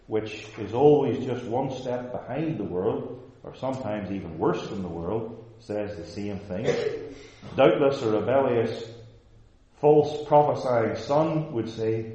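Male preacher, dark mellow voice, emphatic delivery, booming church echo, dull recording. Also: animated, measured pace. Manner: emphatic, swells to loud forceful outbursts. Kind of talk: sermon. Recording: dull, very echoey church hall.

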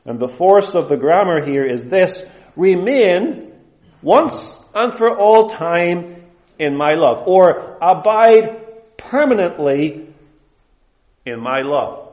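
A man preaching an expository sermon, slow and measured, stressing his words and drawing out the verses he quotes. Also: high voice, expressive. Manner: slow, measured, emphatic with drawn-out quotations. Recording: roomy, slightly dull recording.

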